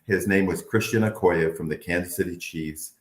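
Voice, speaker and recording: A man in his fifties, a former football player from the Bay Area, telling animated stories in an interview and acting out quotes. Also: low-pitched, moderate pace, roomy sound. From Bay Area, United States. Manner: animated storyteller, acts out quotes, laughs often. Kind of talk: candid interview storytelling.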